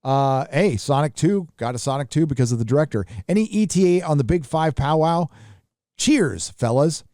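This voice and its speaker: A male livestream host reading out viewer donations and messages, adding quick casual asides. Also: fairly high pitch, animated, warm tone, dry recording, clean studio sound. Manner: reads donor messages aloud with quick asides.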